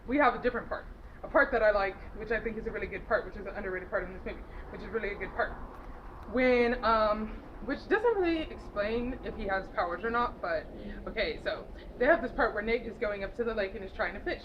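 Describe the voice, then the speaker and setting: A woman's voice: medium pitch, fast. A woman retelling a film plot in a loose, giggly way, full of fillers and self-corrections. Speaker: movie reviewer. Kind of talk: casual rambling movie recap. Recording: dull lo-fi home recording with faint noise.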